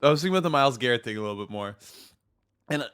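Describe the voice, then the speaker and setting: A man's voice: medium pitch, lively intonation, very fast, fairly bright tone, smooth. Profane, laughing American podcast guy. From United States. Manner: loose, profane, laughing a lot. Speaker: podcast co-host. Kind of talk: casual banter.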